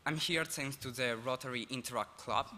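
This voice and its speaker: A teenage exchange student from Italy with an Italian accent, giving a halting, apologetic speech at a school assembly. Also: male voice, mid-range voice, pushed and bright, slight background noise. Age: teens. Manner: nervous, halting, apologetic with laughs. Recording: reverberant hall, faint ambience.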